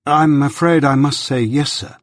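A man with a husky voice voicing a polite, nervous young man who answers deferentially, in a storybook reading. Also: a little high, steady tone, normal speed, no echo, clean studio sound, lightly acted.

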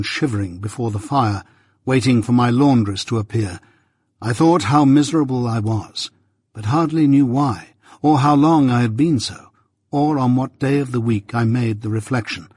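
A man narrating a classic novel in the first person, in a measured, literary storytelling manner. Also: mid-range voice, a little mellow, husky, dry recording, clean studio sound. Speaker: audiobook narrator.

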